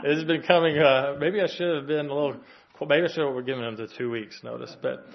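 A man's voice: on the high side, fairly even intonation, brisk, vocal fry. A man giving an earnest, conversational sermon, speaking plainly with frequent fillers and restarts. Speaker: lay preacher soon to be a pastor. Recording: dull lo-fi recording.

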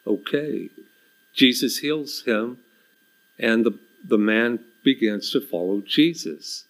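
A man's voice: medium pitch, lively intonation, slow. A man preaching a sermon to his congregation, emphatic and repeating his key questions.

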